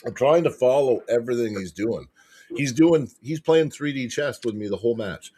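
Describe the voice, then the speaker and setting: A man telling a match story as a podcast guest, excitable and swearing constantly. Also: mid-range voice, normal speed, husky. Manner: excitable, profanity-heavy retelling. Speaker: podcast guest, arm wrestler. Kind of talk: casual storytelling chat.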